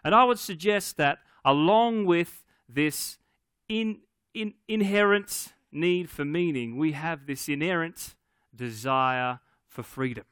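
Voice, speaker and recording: A man delivers a sermon with earnest emphasis, leaning into key words and letting pauses land. His voice sits a little high and comes across smooth and crisp. The sound is close and dry, with almost no room around it. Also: fairly bright tone, dry recording. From Scottish ancestry on father's side. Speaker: pastor.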